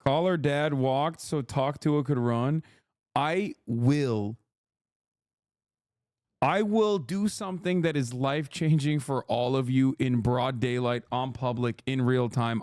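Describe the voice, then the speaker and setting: A man's voice: medium pitch, unhurried, a little mellow, no echo, studio quality. A man giving casual livestream commentary, ranting in disbelief with plenty of swearing and laughter. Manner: profane, incredulous ranting with frequent laughs.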